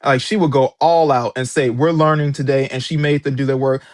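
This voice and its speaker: Speaking a little fast, this man, an author and ex-substitute teacher, tells his story as an interview guest with emphatic, indignant energy. His medium-pitched voice has fairly even intonation, and the dry recording is clean studio sound.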